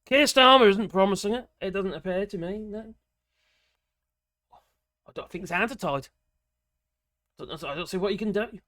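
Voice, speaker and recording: In a clean studio recording with no room sound, a middle-aged British woman vents about a news article at a moderate pace, her medium-pitched voice broken by long pauses. She is sarcastic and indignant, with bursts of mild profanity, and her voice jumps up as the outrage hits in this animated rant.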